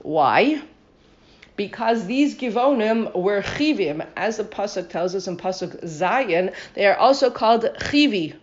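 A woman's voice: medium pitch, lively intonation, measured pace. Woman teacher, verse-by-verse study lesson; dull, lo-fi recording. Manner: reads Hebrew verses, then translates and questions them. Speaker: Torah teacher.

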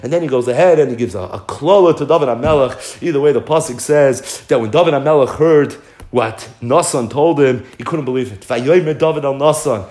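Animated male Torah teacher, echoey room. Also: medium pitch, brisk. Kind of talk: animated storytelling Torah class.

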